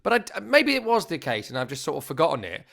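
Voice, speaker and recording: Man, podcast co-host, football chat, lively up-and-down delivery, fairly high voice. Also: fast, vocal fry. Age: over thirty-five. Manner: animated storyteller, jokey.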